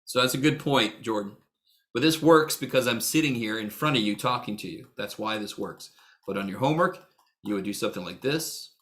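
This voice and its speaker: A man's voice: fairly low pitch, a little fast, fairly bright tone. A middle-aged man teaching a math class over a video call. He jokes, teases students by name and swears freely. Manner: joking, blunt, swears freely. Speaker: math instructor. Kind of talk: casual online lecture.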